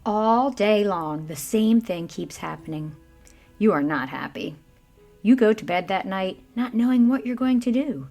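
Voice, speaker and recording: Lively woman reading a children's story. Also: mid-range voice, measured pace, soft background music. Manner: lively, addresses listener as you. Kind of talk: scripted narration for children.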